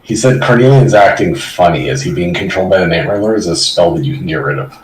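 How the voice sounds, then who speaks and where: Deep-voiced player in an echoey room. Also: male voice, animated, fast, distant mic, a little hiss or hum. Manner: questioning, thinking aloud. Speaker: tabletop game player.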